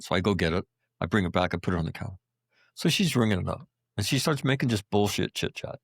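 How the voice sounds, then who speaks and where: A man's voice: lowish voice, animated, fast talker, creaky, no echo, studio quality. A middle-aged man, a veteran guest on a podcast, tells emotional personal stories in a blunt, profane way, often checking in with "right?" and "you know".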